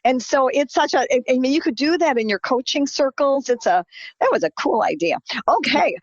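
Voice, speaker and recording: A woman moderates a team training call, sharing asides and moving it to the next item. Her voice is a touch high and dry. The audio is dull and lo-fi. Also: lively intonation, brisk, no echo. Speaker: webinar moderator.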